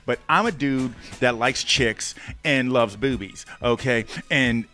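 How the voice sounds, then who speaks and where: A man co-hosting a casual film review, talking in an animated way and often repeating words as he starts a sentence. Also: medium pitch, takes it slowly, soft background music. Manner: animated, acts out movie lines with big voice jumps. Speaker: podcast co-host.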